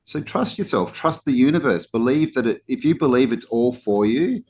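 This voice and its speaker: A man's voice: medium pitch, lively intonation, moderate pace, darkish tone, a little hiss or hum. A man co-hosting a podcast, talking casually and animatedly, often restarting with "you know" and acting out mock complaints. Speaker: podcast co-host. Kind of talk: casual conversational talk.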